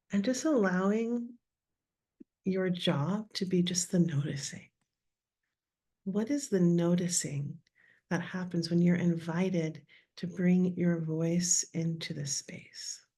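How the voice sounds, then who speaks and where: A woman with a raspy voice leading a guided voice workshop on a live video call, speaking softly and often slipping into whispers. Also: fairly low pitch. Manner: soft, drifting into whispers while guiding. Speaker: workshop leader.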